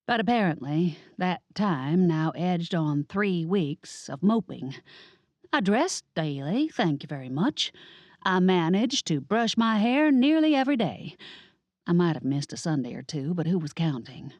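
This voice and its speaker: Woman audiobook narrator, sassy first-person telling, low-ish voice, dry studio sound. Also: sing-song, measured pace, darkish tone, dry recording. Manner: wry, sassy storytelling.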